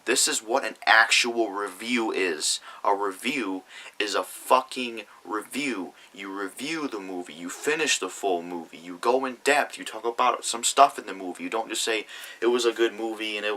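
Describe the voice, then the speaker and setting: The audio is poor as a young YouTuber vents to camera in a profane, angry rant, reading comments out and firing back at them. His voice is fairly low, pushed and bright, at a normal speed.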